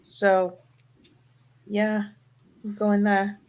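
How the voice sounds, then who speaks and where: A middle-aged woman chatting casually, unhurried and trailing off with fillers. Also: medium pitch, little pitch movement, darkish tone. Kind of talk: casual chat. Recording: dull, muffled sound.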